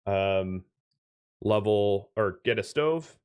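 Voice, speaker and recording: A man's voice: fairly low pitch, expressive, slow pace, a little mellow, clear, resonant tone. Chatty man streaming a survival game. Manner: chatty, thanks viewers, thinks aloud with fillers. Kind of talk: casual gameplay commentary.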